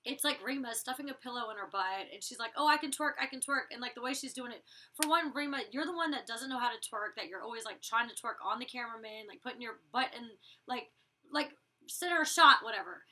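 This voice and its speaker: A woman's voice: sits high, quick pace, pushed and bright, distant mic. A woman in her twenties recapping a reality show episode in a casual, rambling vlog, blunt and profane when she vents. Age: 20s.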